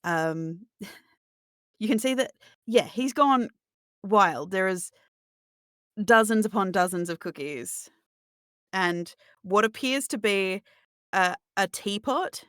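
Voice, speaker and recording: A woman game master narrates a tabletop role-playing session in a relaxed, chatty voice, often breaking into laughter. Her voice comes across dry and close, with no room echo. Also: medium pitch, takes it slowly, pauses often, clean tone.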